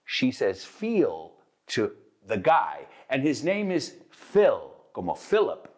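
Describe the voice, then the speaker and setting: A man's voice: mid-range voice, huge pitch swings, slow pace, slightly rough. A man hosting a bilingual English lesson, explaining with lots of energy and acting out example lines, switching between English and Spanish. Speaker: English teacher and host.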